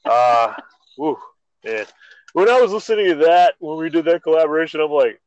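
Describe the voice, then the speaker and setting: Excitable man on slightly dull lo-fi audio. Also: fairly high pitch, moderate pace, no room sound. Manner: excitable, stammering restarts. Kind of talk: casual chat.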